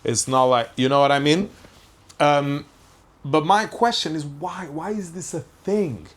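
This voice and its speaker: A man's voice: on the high side, measured pace. A young man, rambling through a casual podcast monologue, full of questions and frequent swearing. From Portugal. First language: Portuguese. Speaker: podcast host.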